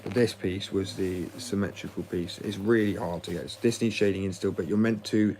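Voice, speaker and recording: A man's voice: low voice, fairly even intonation, brisk, darkish tone, slight background noise, low-quality recording. A young man chatting casually in an interview about skating and his tattoo art, rambling with lots of "like" fillers and blunt swearing. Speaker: skateboard company owner and hobby tattoo artist.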